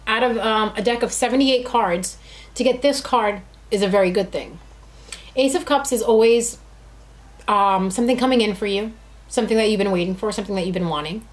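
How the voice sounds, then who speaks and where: A woman's voice: medium pitch, fairly quick. A woman giving a casual, chatty tarot reading who talks to her cards and addresses her viewers directly. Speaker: tarot reader.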